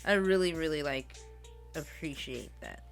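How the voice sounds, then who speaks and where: A woman comedian with a fairly low voice chats on a podcast. She teases and jokes bluntly, in a playful way. Faint music plays under the talk. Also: big pitch swings, unhurried, gravelly. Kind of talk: casual chat.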